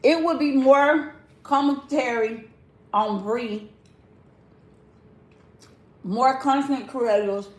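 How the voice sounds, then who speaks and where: A woman in her forties runs a casual live-stream commentary, addressing her chat in a slow, unhurried drawl. Her voice sits a little high, blunt and sassy. The room around her rings with a noticeable echo. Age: 40s. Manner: drawn-out, talks straight to the chat.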